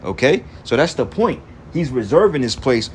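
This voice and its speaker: A man's voice: mid-range voice, big pitch swings, moderate pace, slight background noise. A man preaching in an angry, profane rant, reading scripture verses and then commenting on them. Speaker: street preacher.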